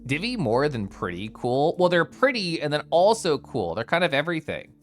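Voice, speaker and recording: A young man from the United States, an energetic streamer chatting casually with his viewers and answering chat, with frequent laughs and asides. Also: fairly high pitch, normal speed, soft background music. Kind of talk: casual live-stream chat, reading chat aloud.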